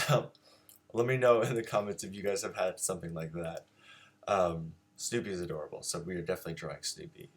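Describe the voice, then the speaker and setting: Male art teacher hosting a live stream, deep voice, relaxed and rambling with fillers. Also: fairly quick. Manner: easygoing, filler-heavy, chatty with viewers. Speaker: drawing teacher and show host. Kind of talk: casual live-streamed drawing lesson.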